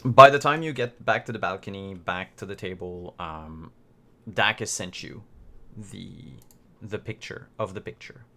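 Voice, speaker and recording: A man narrating as game master of an online tabletop game, relaxed with fillers and restarts. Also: low-pitched, measured pace, gravelly. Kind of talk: narrating a tabletop game over a video call.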